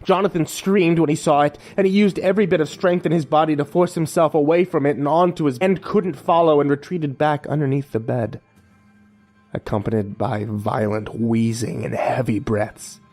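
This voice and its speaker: A man's voice: fairly high pitch, fairly even intonation, darkish tone. Man narrating a horror story. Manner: measured, dramatic. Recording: faint music underneath.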